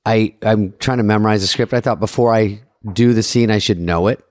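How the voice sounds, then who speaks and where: A man's voice: fairly low pitch, a little fast, a little mellow, no room sound, studio quality. A middle-aged man co-hosting a podcast, telling a story in a self-mocking way and swearing freely. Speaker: podcast co-host. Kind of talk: casual chat, storytelling.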